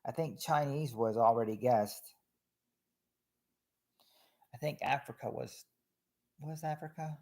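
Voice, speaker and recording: A man hosts a casual game night stream, ruling on guesses one after another. His voice sits in an ordinary middle pitch. He talks in a chatty, halting way, restarting words and letting lines trail off quietly. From Kentucky. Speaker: game host reading out guesses. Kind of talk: casual livestream game commentary.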